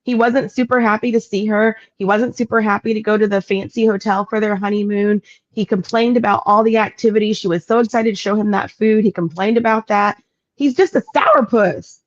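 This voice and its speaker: A woman's voice: medium pitch, steady tone, brisk. Chatty American woman, dull call audio. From United States. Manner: agreeable, chatty, backs up the other host. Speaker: podcast co-host. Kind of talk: casual recap chat.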